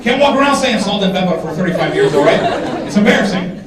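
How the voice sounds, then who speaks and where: A man doing stand-up comedy, animated and teasing the audience, sometimes shouting his punchlines. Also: high voice, fast. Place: large hall with a live audience. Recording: echoey hall, distant mic, crowd.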